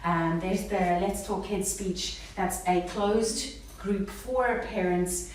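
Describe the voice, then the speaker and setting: Animated woman speech therapist, echoey room. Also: medium pitch, slow pace. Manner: animated, models words in a sing-song voice. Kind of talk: live talk to parents. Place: hall with a live audience. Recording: echoey room, mic far off, faint noise.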